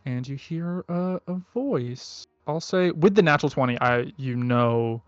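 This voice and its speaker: Male game master, slow, hesitant narration, dull recording. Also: medium pitch, expressive, clean tone, dry recording. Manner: halting, full of "um" and "like".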